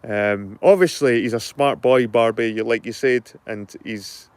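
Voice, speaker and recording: A man's voice: mid-range voice, measured pace, darkish tone, clear, resonant tone, no echo. A middle-aged man with a Scottish accent, chatting casually to his viewers, rambling, repeating himself and swearing freely. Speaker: channel host.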